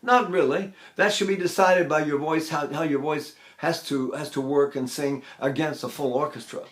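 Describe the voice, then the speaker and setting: An older man gives a vocal technique lesson, and his speaking voice sits high for a man. He is animated and demonstrative, often jumping into sung or exaggerated spoken examples as he explains. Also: moderate pace. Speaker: voice teacher.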